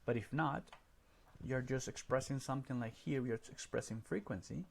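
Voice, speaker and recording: A man's voice: mid-range voice, a little fast, vocal fry. A man teaching a recorded grammar lesson over slides, explaining step by step and often checking in with "right?".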